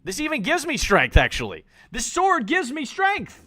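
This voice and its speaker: A man live-streaming a game, excitable and swearing, joking at himself while reading the on-screen text aloud. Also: very high voice, normal speed.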